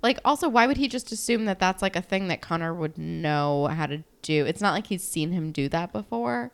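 A woman's voice: on the low side, animated, normal speed, gravelly, smooth. A young woman co-hosting a podcast, chatting casually and quoting characters, with some mild swearing. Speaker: podcast co-host. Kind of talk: casual recap chat.

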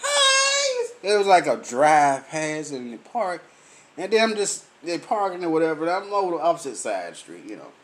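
A man's voice: a little high, fairly quick, slight background noise. A man from Memphis, drinking while telling a profane story in a casual monologue, acting out the voices of the people in it. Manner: profane, animated storytelling with acted-out dialogue. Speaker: vlogger.

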